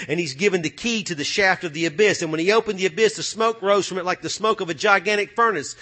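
A man preaching a sermon, swinging from loud, fiery passages to low, muttered asides.

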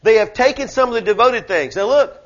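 Brief high-pitched male pastor, fervent preaching from hush to shout, muffled church recording. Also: brisk. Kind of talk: sermon. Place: church service.

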